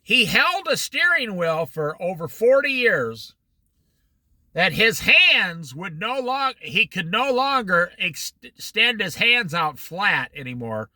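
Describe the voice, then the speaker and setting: A middle-aged man teaching an informal Bible study, telling stories with lively quoted voices. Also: high voice, takes it slowly, no room sound. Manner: animated storytelling with quoted voices.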